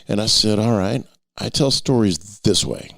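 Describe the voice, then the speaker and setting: Middle-aged guy rambling about his writing, real low voice, dry close sound. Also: expressive, unhurried, vocal fry, a bit bright, no echo. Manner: rambling, restarts often, long-winded. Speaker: novelist. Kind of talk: casual talk to camera.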